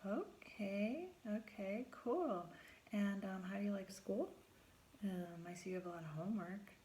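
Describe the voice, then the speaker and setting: A middle-aged woman, a therapist, telling a first-person story, acting out her own lines in a higher voice and dropping to a whisper for her inner thoughts. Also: measured pace, mellow, slight background noise.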